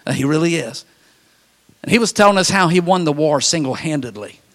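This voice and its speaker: A man's voice: a little high, expressive, brisk, fairly bright tone, big-room sound. A male preacher telling humorous stories in a confiding, joking way. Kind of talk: storytelling sermon.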